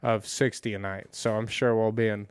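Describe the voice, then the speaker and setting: A man's voice: lowish voice, moderate pace, clear, resonant tone, no room sound. A young man, a touring comedian, chatting casually on a podcast and telling stories with acted-out voices. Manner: animated storytelling, acts out quoted voices.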